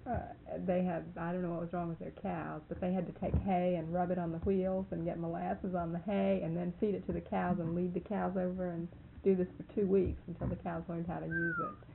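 Low, gravelly woman on a phone line. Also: sing-song, fairly quick. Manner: folksy, rambling, laughs often. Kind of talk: casual storytelling. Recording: tinny phone line, faint hiss.

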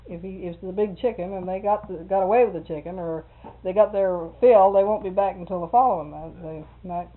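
A woman's voice: mid-range voice, fairly quick. Chatty woman on a tinny line. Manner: chatty storyteller, laughs often. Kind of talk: casual conversation. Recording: phone-like narrow band.

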